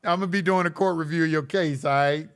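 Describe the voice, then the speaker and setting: A man's voice: on the high side, quick pace, clean tone. A man hosting a live stream, reading chat questions and answering them in a blunt, lecturing way with casual slang, often repeating himself.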